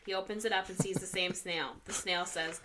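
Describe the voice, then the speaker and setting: A woman co-hosting a casual podcast chat, reading jokes from a list in a measured way. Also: lowish voice, fairly even intonation, background noise. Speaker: podcast co-host.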